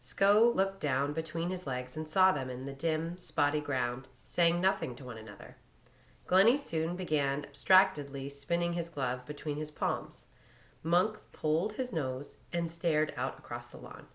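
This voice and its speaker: A woman reading a short story aloud in a measured storytelling manner. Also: deep voice, a bit bright. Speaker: reader.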